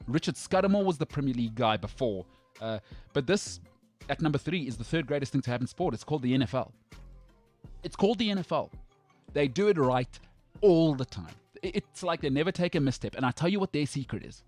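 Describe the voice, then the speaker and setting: Brash South African-based sports host. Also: male voice, mid-range voice. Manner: brash, emphatic, jokey rants. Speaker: sports talk show host. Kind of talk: opinionated sports talk banter.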